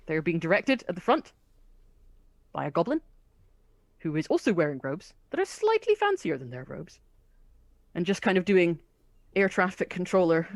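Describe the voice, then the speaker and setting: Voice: medium pitch, no echo. A game master narrating a tabletop game with chatty description and frequent fillers.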